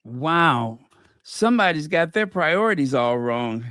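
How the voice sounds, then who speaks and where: A woman's voice: lowish voice, lively intonation, takes it slowly, long pauses, dry recording, studio quality. A woman hosting a casual commentary channel, chatting and teasing while fumbling to find clips.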